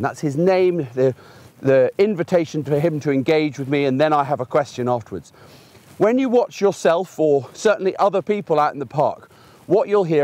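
A man's voice: a little high, a little mellow. A middle-aged man, a gundog trainer, explaining puppy training outdoors in a chatty way, using everyday examples. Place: outdoors in a field by a fence.

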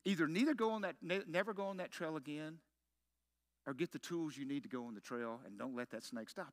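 A man's voice: on the high side, fairly quick. A middle-aged man preaching a sermon as pastor, telling a story with self-mocking humor and punchy rhetorical questions.

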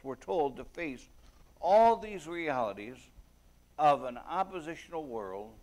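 A man preaching a sermon at a prayer meeting, talking earnestly and conversationally, with bursts of emphasis and scripture read aloud. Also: fairly high pitch. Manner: reads scripture aloud in King James wording.

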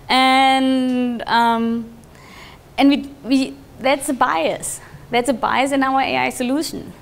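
A woman giving a conference talk to an audience, telling stories in a lively way and laughing often. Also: high-pitched, slow, gravelly. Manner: lively, with frequent restarts and fillers. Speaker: conference speaker. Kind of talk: live talk with audience questions.

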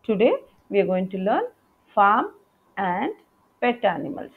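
A woman's voice: mid-range voice, sing-song, measured pace, gravelly, slightly rough. A woman teacher giving a patient lesson to young schoolchildren, spelling out words letter by letter. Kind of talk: online class lesson for young children. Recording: tinny phone-like audio.

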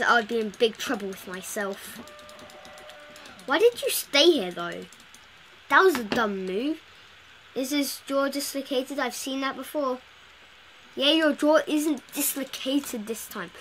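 Woman game host, high-pitched and slow-paced, playful running commentary. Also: sharp tone, a little hiss or hum. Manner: chatty, playful, talks to game characters. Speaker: gameplay video host. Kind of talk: casual live game commentary.

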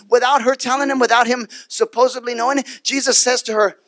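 A male pastor preaching a sermon, telling the story in a lively way, acting out the people in it and repeating his phrases. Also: extremely high pitch, fast, no room sound, studio quality.

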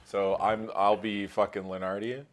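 A man's voice: on the low side, flat delivery, moderate pace. A man reading a choose-your-own-adventure book aloud during a tabletop stream, casual and joking with frequent swearing. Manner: profane, joking. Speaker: player reading a gamebook aloud.

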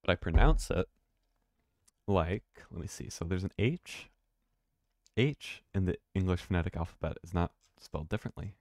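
Male streamer, low voice, dry close mic, rambling commentary. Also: expressive, moderate pace, long pauses, dry recording. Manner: rambling, thinking aloud, swears casually. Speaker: game streamer. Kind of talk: casual live-stream commentary.

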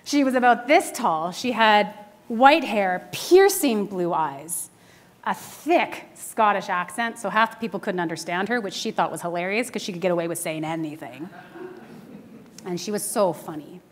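A woman's voice: mid-range voice, animated, measured pace. A woman in her forties, a minister giving a conversational sermon full of stories, who often laughs. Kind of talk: storytelling sermon. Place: church sanctuary.

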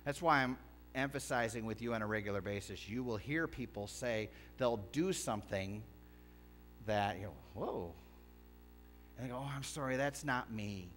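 A man's voice: mid-range voice, moderate pace, a bit bright, a little hiss or hum. A pastor preaching a sermon in a church, switching between casual talk and emphatic scripture reading. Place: church sanctuary.

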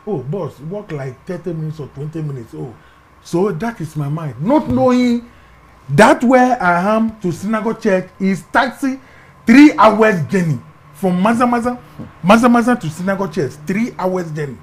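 A middle-aged man with a Ghanaian English accent, telling his personal story as an interview guest, animated and acting out the voices in it, often dropping to a hush. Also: high voice, moderate pace.

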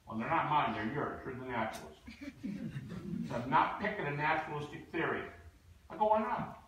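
A man giving an emphatic, animated lecture with stories, acting out the people he quotes. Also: fairly high pitch, normal speed. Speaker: guest lecturer. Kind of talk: lecture with storytelling. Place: university lecture hall. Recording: echoey hall, distant mic.

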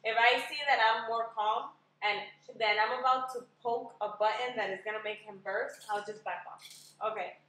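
A woman sharing advice as a podcast guest in a thoughtful, steady way, in an echoey room, far from the mic. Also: fairly high pitch, moderate pace, few pauses. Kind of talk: casual podcast chat.

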